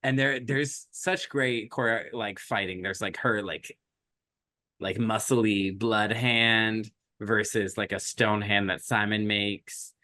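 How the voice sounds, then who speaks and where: A man with a low voice, recorded close and dry on a podcast mic. He rambles through a movie recap in easy, chatty bursts, leaning on fillers and dropping into the characters' lines as he tells the story. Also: slow pace, dry recording. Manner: rambling, animated retelling with acted quotes and frequent likes. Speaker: podcast co-host. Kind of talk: casual movie recap chat.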